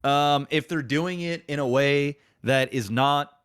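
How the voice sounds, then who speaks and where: A man's voice: fairly high pitch, measured pace, fairly bright tone, clear, resonant tone. A man in a casual podcast chat, stammering and restarting but blunt and profane. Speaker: podcast co-host.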